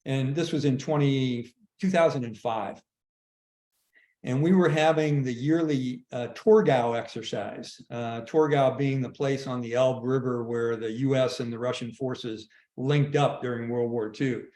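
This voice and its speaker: A man in his sixties, a retired army general, telling anecdotes in a casual online conversation, with halting restarts. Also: medium pitch, fairly even intonation, dark tone, echoey room. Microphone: video call.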